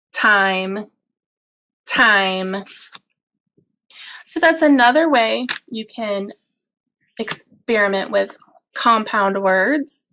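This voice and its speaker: Brief: woman teacher, slightly high voice, unhurried, patient explainer for a parents' lesson video. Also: a bit bright. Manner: slow, clear, patient explaining with drawn-out example words. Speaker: early childhood teacher.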